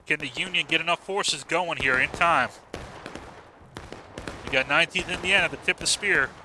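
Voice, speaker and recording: A man casting a large online battle match live, excitable and profane, urging players on and praising plays. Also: a little high, slight background noise. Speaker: match caster. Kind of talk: live game commentary.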